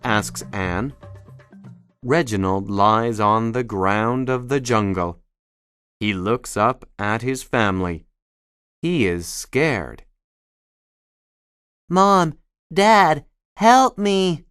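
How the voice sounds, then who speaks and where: A narrator reading a children's storybook aloud in a scripted, lively way, calling out the characters' cries. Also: mid-range voice, slow pace, clean tone, dry recording. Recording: dry studio with soft music behind.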